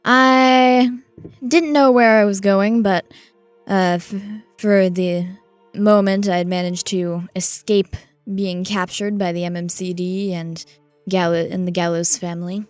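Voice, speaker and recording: A woman's voice: mid-range voice, steady tone, a little slow, smooth, no echo, soft background music. A woman co-hosting a tabletop game podcast, recapping in first person with a hesitant, filler-heavy delivery. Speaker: co-host and player.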